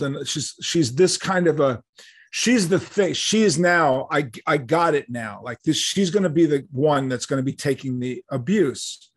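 Animated older man telling a story. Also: a little high, moderate pace, dry recording. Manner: animated, acts out quoted dialogue. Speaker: guest. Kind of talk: anecdotal storytelling in an interview.

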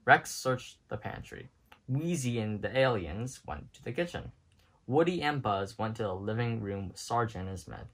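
A man reading a children's picture book aloud in an expressive, storytelling style. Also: on the low side, moderate pace. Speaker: storybook reader.

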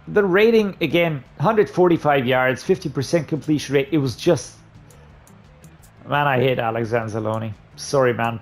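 A man giving gameplay commentary on a football video game, muttering low between plays and breaking into loud, frustrated outbursts. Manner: frustrated, ranting and swearing at the game. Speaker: gaming YouTuber.

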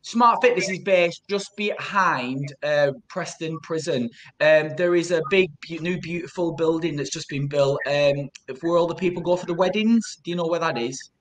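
Halting, earnest man. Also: on the high side, rough recording. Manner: earnest, halting, many repeated words. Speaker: guest, trauma support group founder. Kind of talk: emotional personal testimony.

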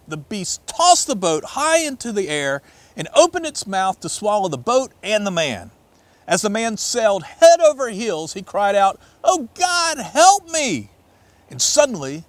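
A man preaching as a pastor, reading scripture aloud and telling stories in an expressive way, swinging between loud and hushed. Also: high voice, unhurried, no echo.

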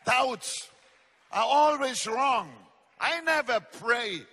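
A male preacher delivering a fervent sermon, exhorting his listeners and shouting out lines. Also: very high-pitched, animated, extremely slow, breathy edge, in a large hall. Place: large church hall.

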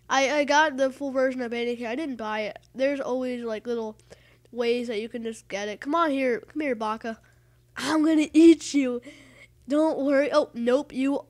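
A woman giving casual, rambling gameplay commentary, excitable and calling out to rival players. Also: a little high. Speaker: gaming channel host.

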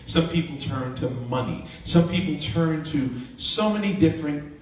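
A male minister preaching a live sermon and telling a personal story with lively, animated delivery. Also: on the high side, moderate pace. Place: live church gathering. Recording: echoey room, mic at a distance, faint noise.

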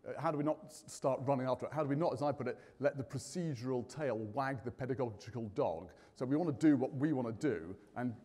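Lively man hosting in a big hall. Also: medium pitch, fast talker, hardly any pauses, breathy edge. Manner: lively, jokey, quizzing the audience. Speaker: conference host. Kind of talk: live conference hosting. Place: large conference hall. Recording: reverberant hall.

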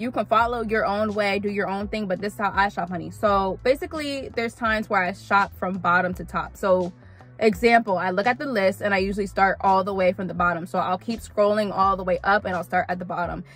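Chatty woman vlogger calling viewers honey. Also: mid-range voice. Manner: chatty, animated, calls viewers honey, repeats for emphasis. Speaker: vlogger giving gig-work tips. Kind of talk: casual tips vlog talking to camera.

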